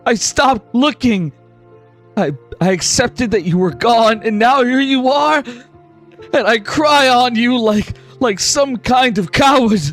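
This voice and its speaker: A man's voice: extremely high pitch, fairly bright tone, pitched above the performer's own voice, heavily acted. A man doing a sobbing grief-stricken father. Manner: sobbing, stammering apologies. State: crying. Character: weeping remorseful middle-aged father, a lord.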